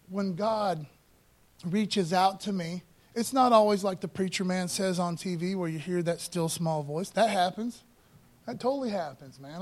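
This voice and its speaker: A man with a high voice preaches a sermon in loose, everyday speech. He keeps tossing in "man" and "you know" and slows down to press hard on the scripture he reads. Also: darkish tone. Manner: reads scripture slowly and emphatically. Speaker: pastor.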